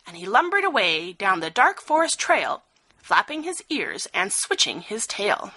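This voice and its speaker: Expressive woman reading a rhyming storybook. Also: medium pitch, a little slow, rough recording. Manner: expressive, sing-song rhythm.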